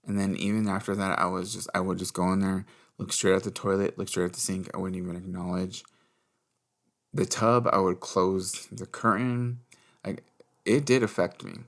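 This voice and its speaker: A man's voice: low-pitched, flat delivery, normal speed. A young adult man hosting a podcast, candidly telling a personal story in casual chat, swearing freely and acting out what people said. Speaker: podcast host.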